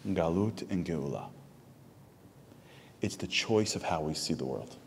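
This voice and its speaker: A man with a very low voice delivers a sermon in a synagogue. His words ring with a long hall reverb, and a faint rumble sits underneath. He tells stories and builds to loud, animated peaks. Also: a little slow, vocal fry. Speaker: speaker at a Tisha B'Av program. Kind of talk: inspirational sermon.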